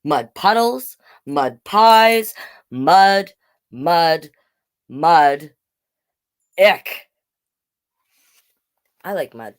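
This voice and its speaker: Lively woman reading a children's story. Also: lowish voice, drawn-out words, pauses often. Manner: animated, chatty asides to viewers. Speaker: storytime reader. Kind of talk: reading picture books aloud to children.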